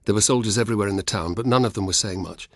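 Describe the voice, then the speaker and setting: A man narrating an audiobook in a steady storytelling manner. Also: on the low side, racing, dry recording, studio quality.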